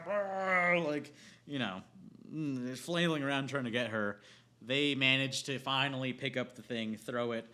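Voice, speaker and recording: A young man giving a casual, profane movie rant, rambling with lots of filler words and restarts as he retells the plot. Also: mid-range voice. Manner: animated plot retelling with acted quotes. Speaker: movie reviewer.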